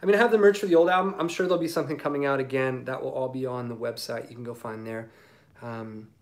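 A man, a singer-songwriter, chatting casually on a livestream through a phone mic and reading viewer comments in a relaxed, rambling way with lots of ums. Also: medium pitch, fast talker.

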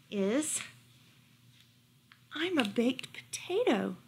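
A woman librarian reading a picture book aloud as a bedtime story, gentle and expressive. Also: fairly high pitch, husky. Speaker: children's librarian.

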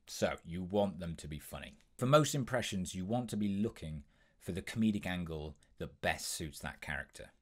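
Low-voiced young man teaching impressions. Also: animated. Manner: brisk, instructive, with frequent ums. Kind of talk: tutorial explanation.

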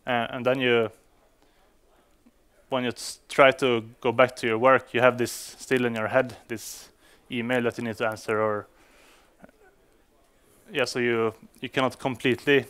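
A man's voice: mid-range voice, level tone, a little slow, long pauses, fairly bright tone, clear, resonant tone. A man giving a conference talk to developers, speaking English as a non-native speaker, with frequent fillers and restarts. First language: Swedish. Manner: hesitant, many fillers and restarts.

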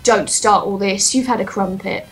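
A woman's voice: mid-range voice, steady tone, moderate pace, slightly rough, faint music behind. A woman from England with an English accent, co-hosting a casual let's-play in a dry, teasing, sarcastic way. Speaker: co-host.

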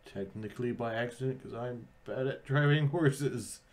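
A man's voice: mid-range voice, moderate pace. A man playing a tabletop game, joking and playful as he speaks for his character. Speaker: player.

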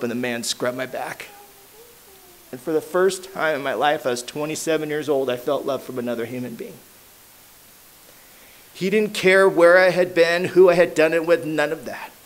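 Man, 30s or older, a bit high-pitched, casual slangy storyteller at a recovery meeting who softens at the heavy moments. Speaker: AA meeting speaker. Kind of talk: personal recovery story told to a crowd. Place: meeting hall.

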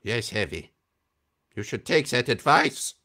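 Speaking a little slowly, this voice actor has a mid-range, pushed and bright voice with big pitch swings. Over a video call during a casual livestream Q&A, he answers fan questions playfully, laughs frequently, and reads out comments from fans.

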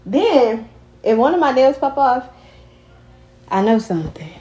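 A woman's voice: sits high, sing-song, a little slow, mellow, highs cut off. Frustrated young woman vlogging. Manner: frustrated, talking to viewers while working. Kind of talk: casual vlog commentary.

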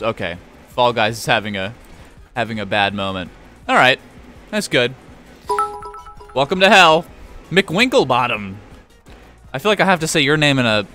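A young man live-streams a game and banters with his chat in a loose, joking way, dropping casual swears. His voice is bright and sharp, and his pitch leaps around animatedly. Faint music plays underneath. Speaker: gaming streamer.

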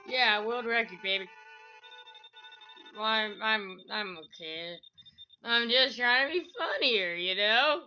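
A woman's voice: on the high side, expressive, takes it slowly, long pauses, bright, forceful tone, muffled recording. A woman giving let's-play commentary, rambling through asides and breaking into yelps and squeals. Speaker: gameplay commentator. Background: faint game music.

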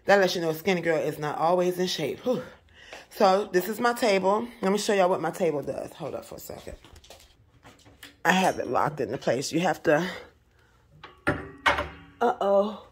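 A young woman talks casually to her audience from her home, chatty and animated. Her voice sits a little low for a woman. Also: moderate pace, pauses often, slight background noise. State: out of breath in places. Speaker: vlogger. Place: home, indoors.

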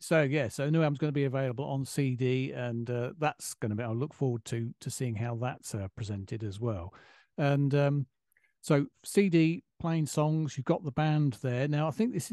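An older man leads a relaxed radio interview, with a warm, mellow tone. He speaks emphatically and throws in old-fashioned exclamations, and the sound is dry and close. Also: medium pitch, moderate pace, dry recording. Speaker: radio host.

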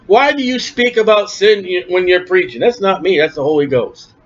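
High-voiced forceful male preacher. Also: moderate pace. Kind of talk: sermon. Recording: dull lo-fi recording.

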